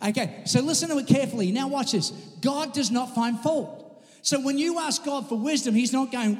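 A man's voice: very high-pitched, normal speed. A man from Australia, preaching a sermon emphatically to a congregation and calling out for amens. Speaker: pastor. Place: church sanctuary. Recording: long reverb of a large hall.

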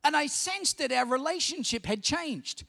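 A middle-aged man with an Australian accent preaching a sermon, telling personal stories in an animated way that climbs to shouting. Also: extremely high pitch, moderate pace, creaky. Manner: animated storytelling, rising to shouts. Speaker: pastor. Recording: long hall reverb.

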